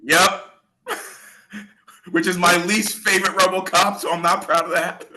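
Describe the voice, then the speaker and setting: A man playing as a contestant on an online movie quiz, bantering in a lively, jokey way and swearing casually. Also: sits high, a little slow, slight background noise. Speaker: game contestant.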